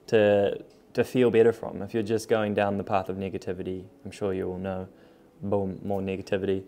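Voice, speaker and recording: A young man talks straight to camera from a room still full of moving boxes. His voice sits low and mellow, with little rise and fall. He keeps it relaxed and frank and swears freely. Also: moderate pace, hardly any pauses. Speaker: vlogger. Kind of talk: casual talk to camera.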